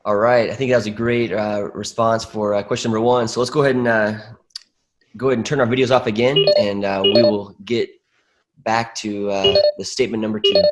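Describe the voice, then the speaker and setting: A man's voice: fairly low pitch, level tone, a little fast, over music. A man moderating a group conversation on a video call, speaking in a reflective, hesitant way with many fillers. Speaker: discussion moderator.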